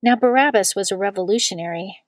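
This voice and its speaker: A woman giving a steady, measured scripture reading. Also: medium pitch, dry recording.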